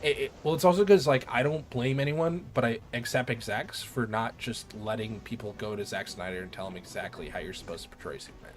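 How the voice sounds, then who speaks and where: A man's voice: medium pitch, fairly quick, hardly any pauses. Rambling, cursing male game streamer. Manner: excitable, rambling, swears freely. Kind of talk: casual chat while gaming.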